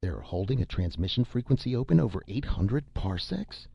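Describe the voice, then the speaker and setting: A man's voice: lowish voice, very animated, normal speed, creaky, mellow, husky, no room sound, voice pushed up, heavily acted. A man voicing a thoughtful older male scientist in an audiobook, mild and academic. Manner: mild, academic, politely insistent. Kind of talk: scripted audiobook narration. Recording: dull lo-fi recording.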